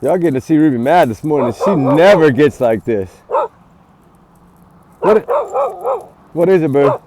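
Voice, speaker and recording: A man's voice: a little high, animated, normal speed, pauses often, background noise. A man vlogging outdoors on a cold morning, ranting heatedly with swearing and rambling, breaking off to call and scold his dog. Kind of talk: angry ranting vlog.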